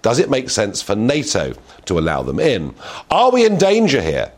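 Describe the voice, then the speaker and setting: A man's voice: mid-range voice, wildly swooping pitch, moderate pace. A middle-aged man hosting an opinionated talk show, asking emphatic rhetorical questions. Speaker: host.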